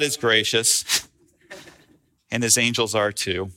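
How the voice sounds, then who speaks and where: A man's voice: mid-range voice, a little slow, pushed and bright. A male pastor preaching a sermon in a conversational, storytelling way.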